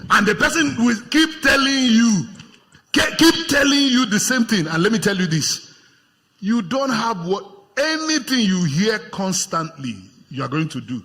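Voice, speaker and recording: A Nigerian man preaching a lively sermon to his congregation as pastor, acting out the voices of tempters in his stories. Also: high-pitched, a little slow. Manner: animated, acts out voices of tempters, laughs with congregation. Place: church hall with congregation. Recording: long hall reverb.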